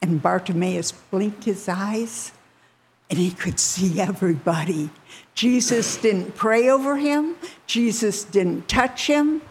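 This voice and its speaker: A woman retelling a Bible story to listeners, bringing the quoted characters to life with lively shifts in her voice. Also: takes it slowly, slight background noise. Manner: animated, voices characters with rising pitch.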